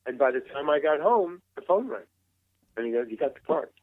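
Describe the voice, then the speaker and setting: A man's voice: a little high, lively intonation, brisk, dry recording. Older man telling stories over a tinny line. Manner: rambling, restarts, acts out quoted dialogue. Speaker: interview guest, veteran actor. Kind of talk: casual anecdote telling. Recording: tinny phone-like line, dry.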